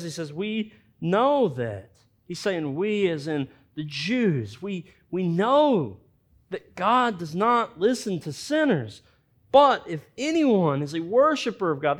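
A man preaching a sermon, reading scripture aloud and acting out the characters' lines with animated expression. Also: sits high, measured pace. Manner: animated, reads scripture with dramatized voices for characters. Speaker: pastor.

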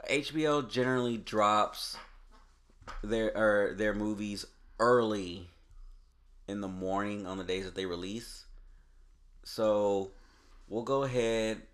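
A man's voice: fairly low pitch, fairly even intonation, takes it slowly, pauses often, fairly bright tone. A man hosting a casual podcast in a laid-back way, planning upcoming episodes. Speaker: podcast host. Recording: audio-only podcast with faint noise.

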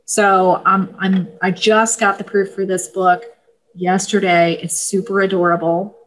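A woman, an author of parenting books, explaining her books and advice in a steady, easygoing interview manner with small fillers. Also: medium pitch, unhurried, low-quality recording. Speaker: parenting book author, guest. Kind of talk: casual interview talk.

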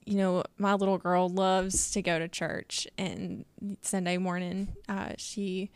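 Gravelly-voiced young mom, earnest chat. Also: female voice, fairly low pitch, flat delivery, takes it slowly, no echo. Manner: earnest, chatty, laughs often. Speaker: podcast co-host. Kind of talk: casual faith discussion.

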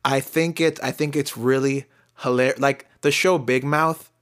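A man's voice: medium pitch, steady tone, unhurried, fairly bright tone. A young man co-hosting a casual podcast, joking and laughing often as he talks. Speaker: podcast co-host.

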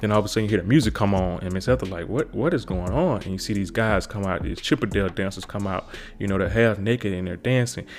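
A man's voice: on the low side, steady tone, fast. A man recapping a TV episode in a casual, rambling way, repeating himself and saying kinda a lot.

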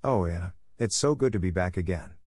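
A man reading the lines of a bright, ambitious teenage girl in an audiobook, in his own low voice. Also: a little fast, no room sound, studio quality. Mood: eager.

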